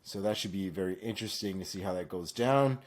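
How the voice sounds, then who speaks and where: A man's voice: low voice, quick pace. A man co-hosting a podcast, running through fight news casually with frequent fillers. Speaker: podcast co-host.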